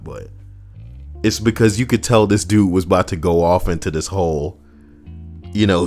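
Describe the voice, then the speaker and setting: A man hosting a video, delivering an animated, profane commentary rant. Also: moderate pace, faint music behind. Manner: animated, profane, swinging up and down in pitch. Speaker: video host.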